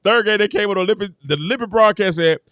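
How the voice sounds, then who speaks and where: A man hosting his own show, giving casual sports commentary in an animated way, laughing often and repeating himself. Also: high-pitched, racing, no echo, studio quality. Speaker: show host.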